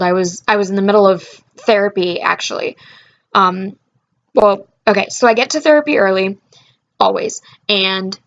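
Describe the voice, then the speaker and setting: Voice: mid-range voice, a bit bright, highs cut off. A young adult vlogger telling a personal story in casual, heartfelt chat, rambling with fillers and restarts.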